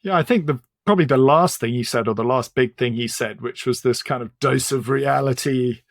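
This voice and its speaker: A man's voice: mid-range voice, brisk, gravelly, dry recording, clean studio sound. A man co-hosting a podcast, wrapping up and reading a promotional reminder in an upbeat way. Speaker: podcast co-host. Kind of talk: casual podcast chat.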